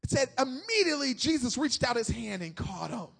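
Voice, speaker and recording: A male pastor delivers a sermon in a church sanctuary, his voice very high, bright and husky. He drops to a hush for scripture and rises to shouts when urging his listeners. A long hall reverb trails behind every line. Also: sing-song, fairly quick. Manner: swings from hushed scripture reading to shouted exhortation.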